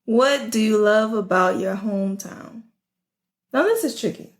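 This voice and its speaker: Mid-pitched New woman co-hosting a chat podcast; relaxed and chatty; echoey room. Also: a little slow. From New Orleans. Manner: chatty, relaxed, filler-heavy. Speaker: podcast co-host. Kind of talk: casual chat. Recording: roomy echo.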